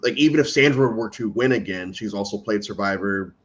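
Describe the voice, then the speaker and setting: A man's voice: lowish voice, fairly quick. A man guesting on a podcast, rambling casually with many fillers. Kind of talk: casual chat.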